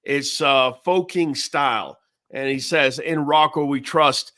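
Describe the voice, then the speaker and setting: A man's voice: mid-range voice, flat delivery, unhurried, sharp tone. A man hosting a live podcast, upbeat and hyped, often calling people "man". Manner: upbeat, hype, says "man" a lot. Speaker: podcast host.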